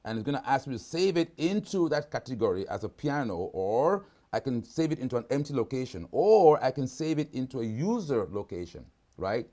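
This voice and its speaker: Man, host, live video-call demo, casual, tag questions, mid-pitched voice. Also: big pitch swings, brisk, warm tone. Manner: casual, keeps asking "right?". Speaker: product demonstrator.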